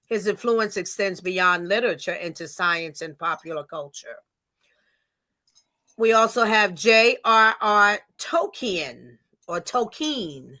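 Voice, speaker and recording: A woman's voice: mid-range voice, sharp tone. A woman co-hosting a livestreamed podcast, reading fun facts from notes with small stumbles and laughs, over a video call. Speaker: podcast co-host.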